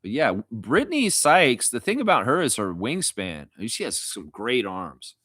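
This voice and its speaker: A man's voice: mid-range voice, huge pitch swings, normal speed, fairly bright tone, no echo, clean studio sound. A man hosting a casual live stream, reading chat comments and rambling with jokes and laughter.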